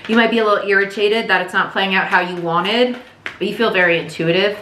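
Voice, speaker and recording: A woman's voice: medium pitch, steady tone, fairly quick, sharp tone, reverberant, a little hiss or hum. A woman giving a casual, chatty tarot reading, speaking candidly and swearing now and then. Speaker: tarot reader.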